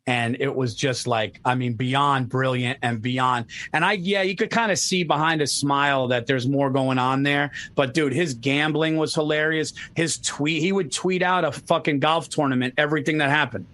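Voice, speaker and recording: A man's voice: mid-range voice, moderate pace, few pauses. A man in casual chat, telling stories with lots of swearing and imitating people. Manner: animated storytelling, swears a lot, mimics people. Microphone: remote call.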